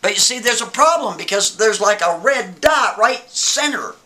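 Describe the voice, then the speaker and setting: A man telling a story in a casual, animated way, often checking in with the listener and posing questions. His voice is bright, forceful and slightly high. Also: moderate pace. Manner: animated, keeps asking "right?" and rhetorical questions.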